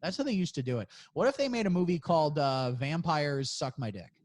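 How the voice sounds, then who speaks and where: A man's voice: on the high side, lively intonation, fairly quick, noisy background. A man co-hosting a podcast, chatting casually, joking and swearing a lot. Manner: profane, joking, laughs often. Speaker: podcast co-host. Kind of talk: casual chat.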